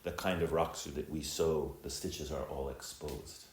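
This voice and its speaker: A middle-aged man with a very deep voice gives a reflective, unhurried dharma talk. He speaks as a Zen teacher, with frequent ums and uhs. The sound is echoey, from a temple hall with faint ambience behind him. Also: steady tone, noisy background. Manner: reflective, unhurried, many filler words.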